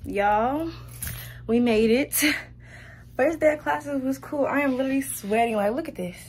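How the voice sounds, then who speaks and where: A young woman vlogs casually to the camera, out of breath after a long walk, chatty, laughing often and saying "y'all" a lot. Her high-pitched voice has a darkish tone and a moderate pace, with a little hiss or hum in the recording.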